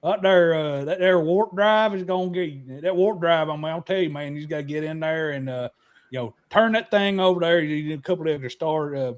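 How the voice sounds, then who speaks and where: A man's voice: fairly high pitch, a little fast, natural voice. A man doing a drawling Southern starship good ol' boy. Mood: joking. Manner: folksy rambling drawl.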